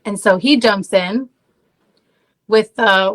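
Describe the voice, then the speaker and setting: A woman's voice: mid-range voice, unhurried, fairly bright tone, poor audio. Woman, thirties, podcast guest, casual storytelling, chatty, lots of "like". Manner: chatty, says "like" often, laughs at herself.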